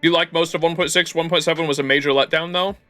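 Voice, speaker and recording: A man's voice: fairly high pitch, fairly even intonation, quick pace, pushed and bright, soft background music. A young man streaming a game, rambling casually with lots of swearing and fillers. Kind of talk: live game commentary.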